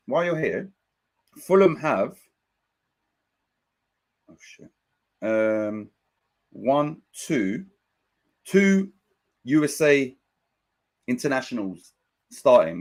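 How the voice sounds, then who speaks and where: A man hosting a live football watchalong, commenting on play and reading out viewers' chat messages in an excitable, chatty way. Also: medium pitch, takes it slowly, long pauses. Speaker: watchalong host.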